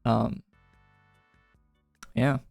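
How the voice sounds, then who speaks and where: A man's voice: very slow, a little mellow, no room sound, soft background music. A man streaming a game, reading dialogue aloud and dropping wry, joking asides. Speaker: gaming streamer. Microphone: close studio microphone.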